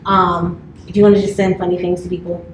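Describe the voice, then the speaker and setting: A woman's voice: fairly low pitch, little pitch movement, fairly quick. A woman in her thirties, a campus manager, giving a chatty orientation talk to a new class with lots of filler words. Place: office classroom. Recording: roomy, from far off, faint hiss.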